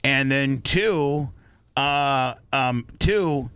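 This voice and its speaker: A man's voice: mid-range voice, slow pace, a bit bright, smooth, no echo. A man hosting a radio talk show, telling a story bluntly and with animation, swearing as he goes. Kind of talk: casual talk-show chat.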